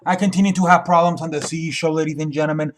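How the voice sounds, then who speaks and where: A man's voice: on the high side, steady tone, racing, a bit bright. A young man hosting his own sports video, rambling casually with many fillers, restarts and casual swearing. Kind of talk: casual solo sports talk. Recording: echoey room.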